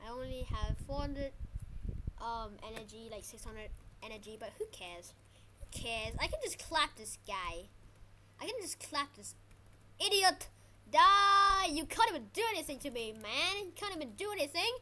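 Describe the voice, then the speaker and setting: High-voiced excitable woman gamer. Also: normal speed, a little hiss or hum. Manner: excitable, trash-talking opponents. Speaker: gaming channel host. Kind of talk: casual gameplay commentary.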